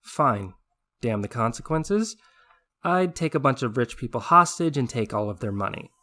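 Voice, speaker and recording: A man voicing a serious, exasperated woman medic who talks in a brisk, scolding way. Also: medium pitch, animated, bright, forceful tone. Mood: grudging.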